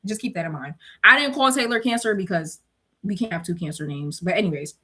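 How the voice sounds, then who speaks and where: A young woman telling a work story in casual chat, animated and slangy, laughing often and acting out quotes. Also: brisk, slightly rough. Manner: acts out quotes with shrill pleading.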